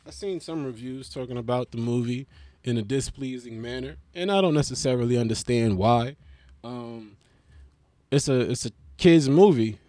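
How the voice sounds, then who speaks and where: A man's voice: medium pitch, a little mellow, no echo. Profane, rambling man with a dry voice. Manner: profane, joking, slangy and digressive. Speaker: vlogger reviewing a movie. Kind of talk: casual rambling monologue.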